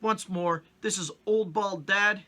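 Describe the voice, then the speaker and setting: A man's voice: sits high, steady tone, takes it slowly, pushed and bright. A middle-aged man from Canada hosting a casual comedic vlog, joking and acting out little mock-stern scenes. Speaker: vlogger host.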